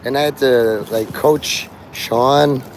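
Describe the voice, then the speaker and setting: A man chats his way through a street livestream in a loose, rambling way, dropping profanity and dark joking asides. Loud traffic and city ambience wash over his voice. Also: medium pitch, steady tone, slow, low-quality recording. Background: vehicles and city ambience.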